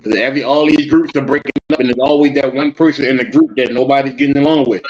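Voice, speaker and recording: Baltimore male co-host, blunt and emphatic, mid-pitched, on a dull lo-fi track. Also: steady tone, fast, darkish tone. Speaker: podcast co-host. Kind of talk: casual chat. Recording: dull lo-fi sound.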